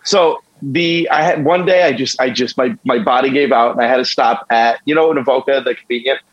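A man in his twenties from Northeastern Pennsylvania, a band member guesting on a podcast, tells a rambling, self-deprecating comic story with lots of swearing. His medium-pitched voice is brisk, in a dry recording with the highs cut off.

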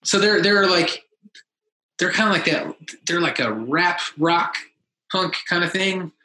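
A man telling a story in casual chat, lively and acting out the quotes of others in a raised voice. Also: high-pitched, measured pace. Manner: animated, acts out quotes in a raised voice. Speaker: podcast guest, musician. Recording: echoey room.

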